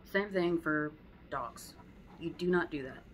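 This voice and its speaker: A woman's voice: sits low, a little slow, slight background noise, poor audio. A woman teaching dog training in a casual, conversational way at home. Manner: conversational, acts out dog and owner voices. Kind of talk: casual spoken lesson.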